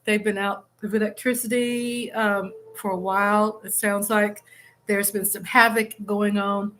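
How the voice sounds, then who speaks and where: A woman's voice: medium pitch, little pitch movement, measured pace, a bit bright, a little hiss or hum. A woman hosting a casual live stream from home, chatting candidly with viewers and reading out their comments.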